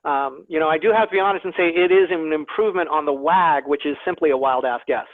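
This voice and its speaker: A man's voice: fairly high pitch, fast, dry recording. A man, a plant scientist, giving an online lecture to a naturalist club, chatty with self-deprecating humor and frequent repeated words, speaking over a video call. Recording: tinny, phone-like video call audio.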